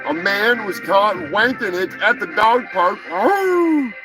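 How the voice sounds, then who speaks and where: Brash, profane male comedy news host; high voice, mock-grand delivery. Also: measured pace, over music, rough recording. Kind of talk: crude comedic news rant.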